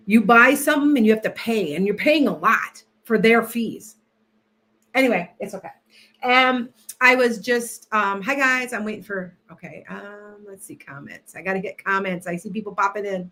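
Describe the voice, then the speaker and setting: Woman, livestream host, casual rambling chat, many restarts, bright tone, mid pitch. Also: normal speed. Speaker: livestream host and tarot reader.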